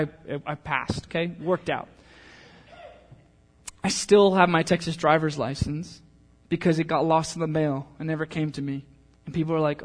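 Guy preaching, kinda high voice, chatty and joking, then earnest. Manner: conversational storytelling with humor, then softer earnest appeal. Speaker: pastor. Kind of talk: sermon.

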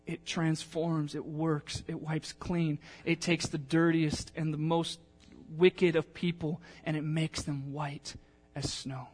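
A man's voice: on the high side, flat delivery, slow, few pauses. A male pastor preaching a sermon, telling a personal story in a chatty, emotional way with many fillers, then reading scripture aloud.

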